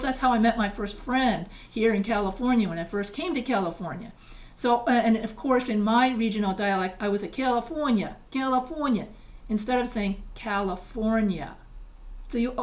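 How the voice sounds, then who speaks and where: A middle-aged woman from New York, a writing teacher giving a video lecture. She reads textbook examples aloud and then explains them in a conversational way. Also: a little high.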